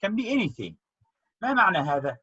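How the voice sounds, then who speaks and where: A man's voice: sits high, sing-song, racing, pushed and bright, slight background noise. A man teaching an online grammar lesson, patiently explaining with repeated examples. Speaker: Arabic teacher. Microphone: video call. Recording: dull lo-fi call audio.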